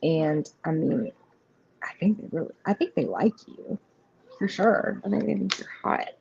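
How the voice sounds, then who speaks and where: A woman's voice: medium pitch, animated, normal speed, vocal fry, a little mellow, husky. A woman hosting a live tarot reading, chatting casually and rambling through the cards with many fillers, reassuring the viewers. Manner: reassuring, speaks straight to viewers. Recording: slightly muffled stream audio with faint noise.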